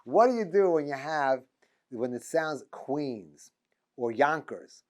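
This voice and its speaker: A man's voice: on the high side, lively intonation, slow pace. A middle-aged man, a rabbi teaching a class, talking in a loose, joking way, full of restarts and stammers. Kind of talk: informal lecture. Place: classroom with students.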